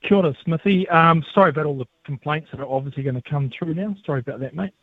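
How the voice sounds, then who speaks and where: New Zealand comedian on a phone line. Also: male voice, on the high side, fast talker, dry recording. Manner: relaxed, self-mocking, joking. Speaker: guest comedian and actor. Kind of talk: casual phone interview.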